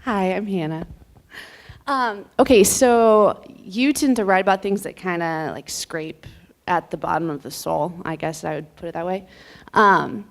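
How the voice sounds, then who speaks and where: Young woman asking a question, hesitant, ums a lot, low-ish and creaky. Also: a little slow. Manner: hesitant, many ums and likes. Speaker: audience member asking a question.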